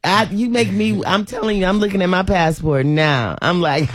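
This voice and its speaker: A woman hosting a talk show, chatting in an animated, preachy, folksy way. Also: on the low side, normal speed. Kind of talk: casual talk show chat.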